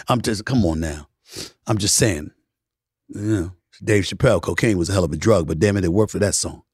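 A man hosting a podcast in a casual monologue, emphatic, swinging between loud preaching and low murmurs, now and then singing bits of old soul songs. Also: breathy edge, dry recording, clean studio sound. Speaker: podcast host.

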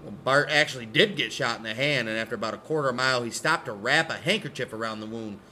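A man's voice: medium pitch, fast talker, sharp tone, slight background noise. A man co-hosting a casual podcast who jokes, laughs often and swears while narrating. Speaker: podcast co-host. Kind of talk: casual storytelling chat.

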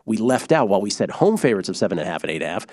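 A man hosting a sports betting podcast, explaining bets in an animated, casual way with quick asides. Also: fairly low pitch, dry recording, clean studio sound.

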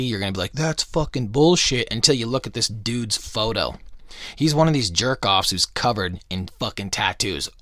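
A young adult man hosting a podcast, swearing constantly as he rants loudly about the news and then reads aloud from a book. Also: on the low side, no room sound, studio quality. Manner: loud, swearing, shouting rants that drop to muttering. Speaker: podcast host. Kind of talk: profane ranting podcast talk and book reading.

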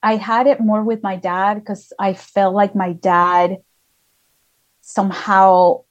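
A woman with a middle-pitched voice tells personal stories as a podcast guest. Her talk is chatty and loose, full of "like" fillers, and she comes from outside the United States. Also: flat delivery, takes it slowly. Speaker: guest, spiritual healer and channeler. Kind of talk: casual conversational storytelling.

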